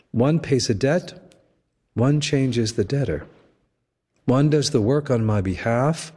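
A man delivering a sermon as a pastor, slow and measured with deliberate emphasis. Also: fairly low pitch, darkish tone, big-room sound.

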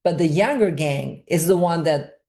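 A woman speaks in a somewhat low voice, answering an interviewer earnestly. She explains at length and repeats words as she searches for her point. The tone is that of a filmmaker discussing her own work. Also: normal speed, dark tone.

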